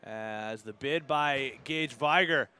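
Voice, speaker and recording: A man with a Canadian accent calling live lacrosse play-by-play, brisk and steady, rising sharply on goals and saves. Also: mid-range voice, clean tone. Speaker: play-by-play commentator.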